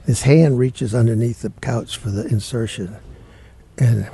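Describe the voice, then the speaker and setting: An older man, a guest in an interview, telling family stories in a plainspoken, animated way. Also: mid-range voice, unhurried, vocal fry. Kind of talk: storytelling in an interview.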